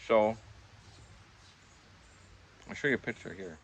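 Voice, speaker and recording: An older man with a lowish, slightly breathy voice speaks slowly as he tells rambling pub anecdotes, chuckling along. It's a casual vlog filmed in his backyard pub shed, and he acts out the voices of the people he quotes.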